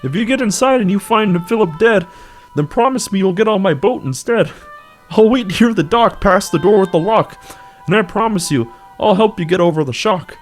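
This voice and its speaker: A man's voice: sits high, lively intonation, normal speed, faint music behind. A man voicing a worried young woman who urges escape, in a nasal puppet-frog voice with auto-tune and a rhyming, sing-song delivery. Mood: urgent.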